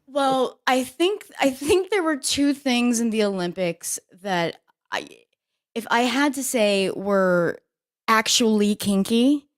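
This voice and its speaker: A woman co-hosting a casual talk show, telling stories in a brash, profane, animated way. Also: on the high side, slow pace. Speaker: co-host.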